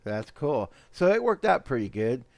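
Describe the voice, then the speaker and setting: A man's voice: mid-range voice, sing-song, normal speed, creaky, darkish tone, no echo. A man hosting a casual chat, rambling, repeating words and laughing often. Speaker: host.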